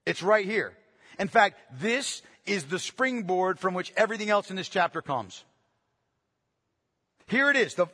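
A man preaching a sermon, emphatic, repeating phrases for stress, shifting between hushed and loud passages. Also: extremely high pitch. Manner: swings from quiet to loud. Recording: long echo of a large hall.

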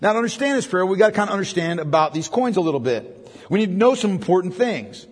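A man's voice: high-pitched, expressive, fast, breathy edge. A man preaching a sermon as pastor, talking conversationally and tossing in frequent tag questions to the congregation. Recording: long hall reverb.

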